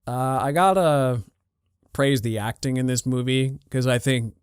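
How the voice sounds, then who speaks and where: A man's voice: medium pitch, a little slow, smooth, no echo. Male podcast co-host, casual film talk, resonant tone, dead-dry room. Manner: thoughtful, many fillers and restarts. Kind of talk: casual film review chat.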